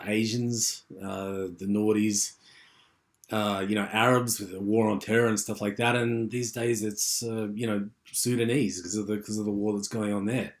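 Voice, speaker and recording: A man giving an unscripted university lecture, rambling with many fillers and restarts. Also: lowish voice.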